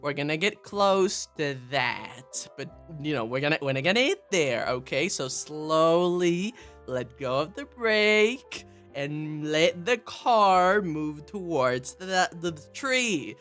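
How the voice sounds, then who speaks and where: A streamer mimicking a patient, firm driving instructor in a quieter, lower, coaxing voice. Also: animated, slow, faint music behind.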